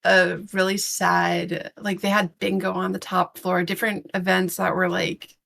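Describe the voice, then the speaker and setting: A woman with a low voice and a gravelly, fry-edged tone, talking through a loose podcast chat. She rambles, circles back over her own words and drops casual swears in blunt frustration. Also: little pitch movement, a little slow, a bit bright. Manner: rambling, with many fillers and restarts. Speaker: podcast co-host.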